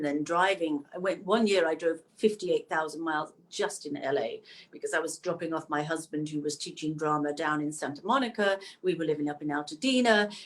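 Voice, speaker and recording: Lively actress, middle-aged. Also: female voice. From Manchester, England. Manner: lively, laughs often, pitch leaps up when excited. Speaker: actress, guest. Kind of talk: casual interview chat.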